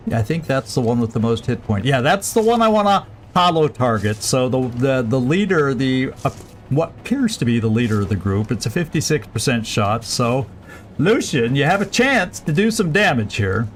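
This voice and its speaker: A man's voice: medium pitch, big pitch swings, moderate pace, faint music behind. Man thinking aloud over a strategy game. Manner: thinking aloud, many fillers and restarts. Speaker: game streamer. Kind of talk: casual let's-play commentary.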